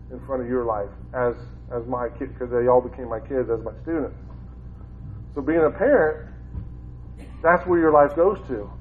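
A man's voice: mid-range voice, a little hiss or hum. A man from Ohio, a former school teacher, gives an informal Bible talk in a conversational way and often repeats his phrases. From Ohio, United States. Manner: conversational, repeats phrases, grows more fervent. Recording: tinny phone-like sound.

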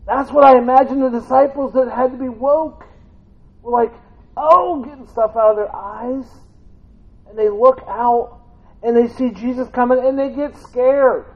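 A man's voice: very high-pitched, fairly even intonation, moderate pace. A man preaching a conversational sermon, telling stories with humor and acting out voices from the reading. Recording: tinny phone-like sound.

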